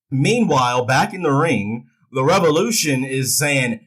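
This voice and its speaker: Brief: man doing an irreverent recap vlog, jokey and loose, swears a lot, mid-pitched voice. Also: lively intonation, a little slow, hardly any pauses, a bit bright, rough recording. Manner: irreverent, joking, swears freely. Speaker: wrestling recap vlogger. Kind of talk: casual show recap with acted quotes.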